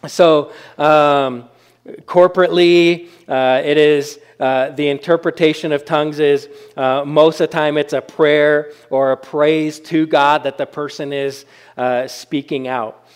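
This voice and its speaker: A man's voice: fairly high pitch, steady tone, unhurried, clear, resonant tone. A man preaching a sermon as pastor, in a conversational style with frequent fillers and check-ins with the congregation.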